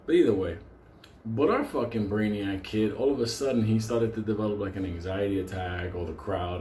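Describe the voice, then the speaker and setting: In a lowish, mellow voice and at a brisk pace, a man rambles through a crude, comedic story full of profanity, doing voices for the people involved. The sound is roomy, with faint background noise.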